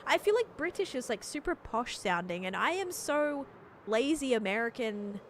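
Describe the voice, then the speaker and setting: This Australian livestreamer has a fairly high voice with lively intonation and a moderate pace, plus a little hiss or hum. As she games live she keeps up a chatty, rambling flow packed with "like."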